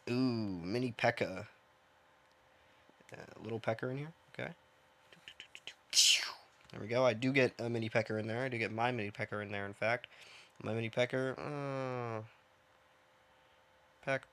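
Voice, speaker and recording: A man giving casual, rambling commentary while he plays a game, mocking himself and thinking out loud from his own dim room. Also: lowish voice. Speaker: gaming streamer.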